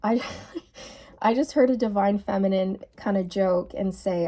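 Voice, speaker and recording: Mellow-voiced woman giving a tarot reading. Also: mid-range voice, measured pace. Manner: soft, musing, repeats key phrases. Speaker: tarot reader. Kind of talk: channeled tarot reading to camera.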